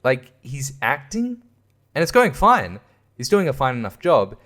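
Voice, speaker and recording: A man's voice: medium pitch, wildly swooping pitch, measured pace, fairly bright tone. A young man hosting a casual monologue, rambling and swearing, often laughing at himself. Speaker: host.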